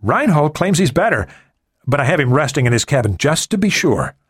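A man voicing a calm female ship's doctor giving a brisk, matter-of-fact report. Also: on the high side, slightly rough, dry recording, studio quality, pitched above the performer's own voice.

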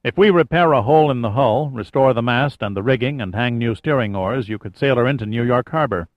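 A man's voice: medium pitch, fairly quick, no room sound, natural voice. A composed expedition leader who briefs and directs without fuss, voiced by a male audiobook reader close to his own voice. His delivery is level and plain. The recording is dry and a little muffled. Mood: matter-of-fact. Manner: level, matter-of-fact.

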